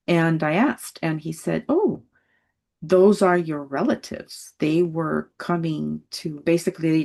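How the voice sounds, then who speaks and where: A woman in her sixties telling a personal story on a video call, animated and laughing often as she acts out voices. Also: low voice, creaky. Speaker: study group member.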